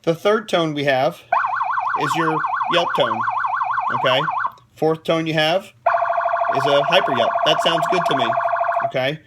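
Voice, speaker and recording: A man's voice: a little high, a little slow, pauses often, very noisy. A man giving a casual, opinionated product demo from his closed office, often checking in with the viewer. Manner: chatty and opinionated, keeps checking in with "okay?". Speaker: siren dealer reviewing a product.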